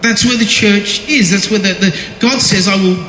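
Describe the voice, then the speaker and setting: A man's voice: sits high, moderate pace, sharp tone, a little hiss or hum. A man giving a casual, jokey sermon as pastor, talking with his congregation and restarting his words often. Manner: conversational, jokey, repeats words when restarting. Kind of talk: casual sermon with audience interaction. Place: large echoey church hall. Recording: echoey hall with long reverb.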